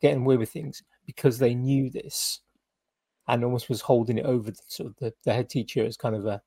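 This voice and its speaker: A man from the UK chatting on a podcast, his voice a little husky and recorded dry and close. He tells loose, rambling stories full of "kind of" and restarts. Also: mid-range voice, steady tone, fairly quick, dark tone, dry recording. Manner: rambling anecdotes with many fillers and restarts. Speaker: podcast co-host. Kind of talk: casual chat.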